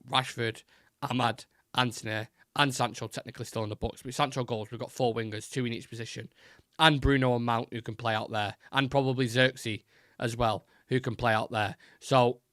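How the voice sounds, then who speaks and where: A man's voice: mid-range voice, bright, forceful tone, dry recording, clean studio sound. A young man hosting a live fan show, chatting loosely with fillers and restarts, his voice fraying a little. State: voice keeps going. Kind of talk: casual live-stream chat.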